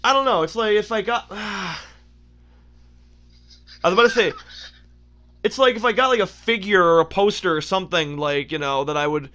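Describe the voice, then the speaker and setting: A man giving casual gameplay commentary as a let's play host, excitable and laughing often, breaking off mid-sentence. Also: high voice, moderate pace, pauses often, muffled recording.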